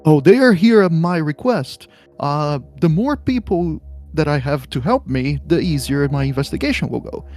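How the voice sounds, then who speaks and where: A man's voice: fairly high pitch, lively intonation, normal speed, a little mellow, faint music behind, close to an everyday voice. A man voicing a shy, formal lawyer who speaks in a stiff, hesitant way. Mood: explaining.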